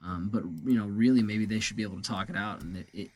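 A man's voice: on the low side, fast, darkish tone. A man co-hosting a podcast, crude and joking, telling stories in casual banter. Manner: crude, joking, tells stories with acted quotes. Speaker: podcast co-host.

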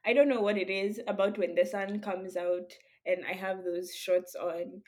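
A woman's voice: medium pitch, steady tone, normal speed, darkish tone. A woman co-hosting a podcast, from Kenya, talking in a playful, chatty way and laughing often. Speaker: podcast co-host. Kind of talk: casual chat among friends.

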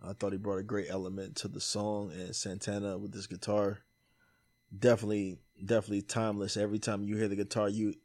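A man on a music podcast, giving measured, thoughtful opinions on a song. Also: on the low side, completely flat delivery, a little mellow, no echo. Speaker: podcast guest. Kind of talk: casual music review chat.

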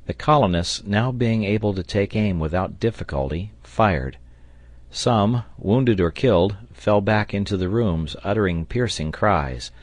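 A man narrating an audiobook in a steady, even storytelling manner on a close mic. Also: lowish voice, measured pace, no echo. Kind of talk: scripted narration.

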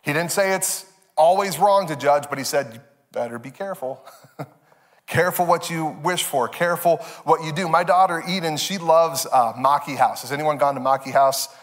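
A man in his thirties preaching a sermon as pastor, telling stories with animated, expressive delivery. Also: normal speed. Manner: animated storytelling, jumps high for quoted voices.

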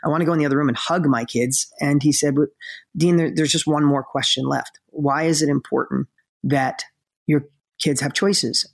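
Gravelly, earnest man telling a story. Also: on the high side, steady tone, moderate pace. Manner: earnest, emotional, openly close to tears. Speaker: podcast co-host. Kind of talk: emotional personal storytelling.

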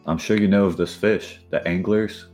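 A man playing a tabletop game in character, talking in a calm, earnest way over faint guitar music. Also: low-pitched, moderate pace. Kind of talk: in-character roleplay.

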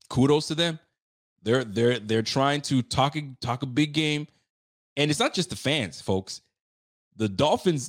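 A man hosting a casual sports talk show at a medium pitch. He rants with emphatic trash talk and loops back over his own words as he works himself up. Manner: animated, emphatic, ranting, trash-talking, often repeats himself.

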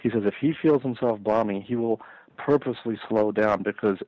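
A man, a comedian calling into a show, chatting eagerly and telling stories at a quick clip. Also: fairly low pitch, dry recording. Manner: fast-talking, eager storyteller. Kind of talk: casual chat. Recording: dull call-in line.

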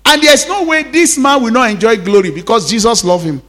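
A man's voice: very high-pitched, fairly quick, a bit bright. A man, preaching a sermon to a congregation, repeating lines and calling for responses. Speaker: pastor.

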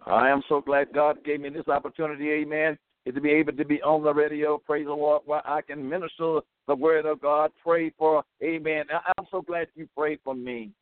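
A man's voice: fairly high pitch, flat delivery, moderate pace, hardly any pauses, no room sound. A man preaching a radio sermon with fervor, sprinkling in "amen" and "praise the Lord" as he exhorts his listeners to pray. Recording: tinny phone-like radio sound.

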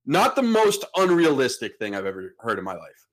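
A man's voice: medium pitch, fairly quick. A man hosting a podcast, telling a story in a casual way and acting out the people in it. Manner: animated, acts out the people in his story. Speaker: podcast host.

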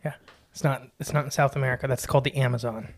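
A man's voice: mid-range voice, fairly even intonation, racing, gravelly. A man co-hosting a casual podcast, talking in a chatty, rambling way with lots of "uh" and "like". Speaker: podcast co-host.

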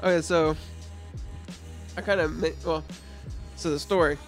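A man's voice: fairly high pitch, fairly even intonation, unhurried, faint music behind. A man in casual podcast chat, telling a profane story and laughing through it.

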